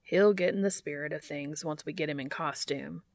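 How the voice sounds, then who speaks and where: A woman voicing a brash, teasing man with a gravelly edge. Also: sits low, normal speed, darkish tone, no room sound, pitched below the performer's own voice. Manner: playful, teasing. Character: brash cheerful man hamming up pirate talk.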